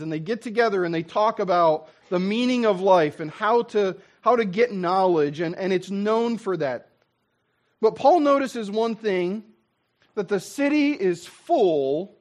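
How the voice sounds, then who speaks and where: A man preaching a sermon as a pastor, in a lively, conversational way that acts out what people say. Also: high voice.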